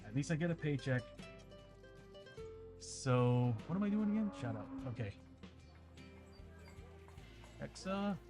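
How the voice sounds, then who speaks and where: A man's voice: fairly high pitch, big pitch swings, slow, long pauses. A man streaming a tabletop game, rambling casually to his viewers with a dry throat. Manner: rambling, chatty, talks straight to viewers. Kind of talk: casual livestream chat. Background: faint ambient music.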